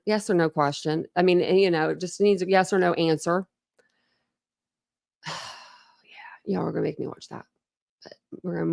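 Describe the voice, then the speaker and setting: A woman's voice: medium pitch, vocal fry, no room sound, clean studio sound. A woman hosting a true crime commentary stream, chatting in a rambling, teasing way. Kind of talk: casual reaction commentary.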